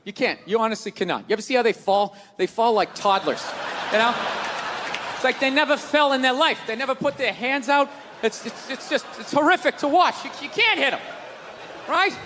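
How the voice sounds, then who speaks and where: A man from the US East Coast doing a profane, ranting stand-up routine, shouting his punchlines. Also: extremely high pitch, brisk. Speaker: stand-up comedian. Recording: reverberant hall with steady noise.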